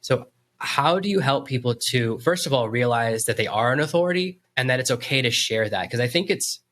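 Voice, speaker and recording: A man's voice: mid-range voice, brisk. A man hosting a podcast interview, telling stories and acting out the quotes in a conversational way. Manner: storytelling, animated quoting. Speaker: podcast host.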